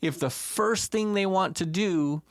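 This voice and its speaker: A man co-hosting a podcast, talking earnestly and haltingly about painful experiences, close to tears and repeating words as he gathers his thoughts. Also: sits high, no room sound. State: tearful. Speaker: podcast co-host. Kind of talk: emotional casual conversation.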